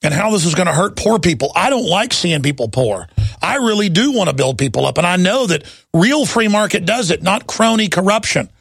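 A man's voice: high voice, big pitch swings, fairly quick, gravelly, fairly bright tone, husky, no echo, clean studio sound. A middle-aged man hosting a heated political radio show, talking emphatically and doubling up words as he pushes his point. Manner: intense, emphatic, repeats words when worked up. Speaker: radio talk show host.

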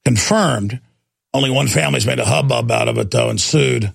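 Gravelly ranting radio host. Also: male voice, mid-range voice, quick pace, dry recording. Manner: ranting, impassioned, sarcastic. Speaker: radio talk show host. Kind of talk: talk radio monologue. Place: radio studio.

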